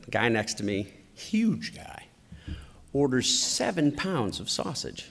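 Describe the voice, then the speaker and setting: A middle-aged man giving a storytelling political speech at a conference, with an animated, anecdotal delivery. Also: medium pitch, takes it slowly, vocal fry. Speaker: conference speaker. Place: large conference hall. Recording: long hall reverb.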